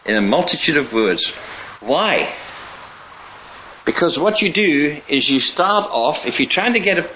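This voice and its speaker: Bright-voiced man preaching a rambling sermon. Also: a little high, big pitch swings, unhurried, long pauses. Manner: rambling, conversational, with restarts and chuckles. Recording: dull lo-fi recording with faint hiss.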